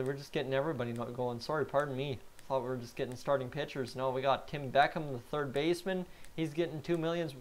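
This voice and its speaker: A man from Canada talks his way through a sports video game on a live stream. His delivery is casual and chatty as he answers viewers in his chat. Now and then he gets loud and excitable. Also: a little high. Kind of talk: live-streamed gameplay commentary.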